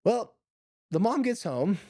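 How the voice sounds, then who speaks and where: A man hosting a podcast, retelling a family story in a casual, lively way with filler words and quoted voices. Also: mid-range voice, brisk, no room sound, studio quality. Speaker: podcast host. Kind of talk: storytelling monologue.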